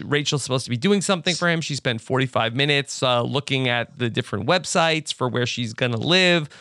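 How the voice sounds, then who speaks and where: A man's voice: fairly high pitch, clear, resonant tone, no echo, studio quality. Man hosting a podcast recap. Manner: steady, leads the talk, reads out listener feedback. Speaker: podcast host. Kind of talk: casual TV recap chat.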